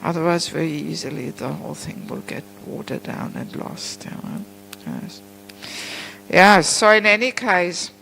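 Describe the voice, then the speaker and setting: A woman giving a class on scripture at a temple, chatty and warm in tone, often saying "you know" and breaking into laughs. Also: deep voice, creaky, low-quality recording. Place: temple hall.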